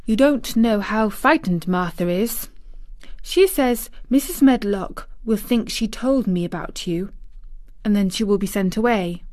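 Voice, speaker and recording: A woman's voice: medium pitch, unhurried, a little mellow, no room sound, clean studio sound, close to an everyday voice. Woman reading as a blunt young girl. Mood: earnest.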